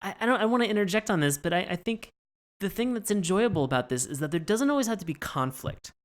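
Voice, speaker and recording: A man co-hosting a casual podcast, talking excitedly and stumbling through restarts. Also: sits high, fast talker. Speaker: podcast co-host.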